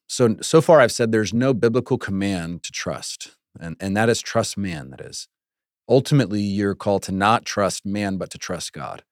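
A man's voice: on the low side, no echo, clean studio sound. A man hosting a faith podcast, teaching in an earnest, conversational way with the odd laugh. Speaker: podcast host and Bible teacher. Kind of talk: casual teaching talk.

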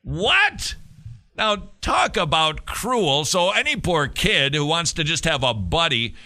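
A man hosting a talk radio show, animated and opinionated, shifting between mockery and heated emphasis. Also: a little high, a little slow, dry recording.

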